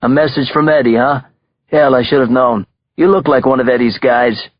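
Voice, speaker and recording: A man's voice: mid-range voice, normal speed, muffled recording, slight background noise, pitched above the performer's own voice, lightly acted. A man voicing an obese middle-aged mobster from Brooklyn with a Brooklyn accent, taunting and crude. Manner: gruff, taunting, laughing at others. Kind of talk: audiobook character voice.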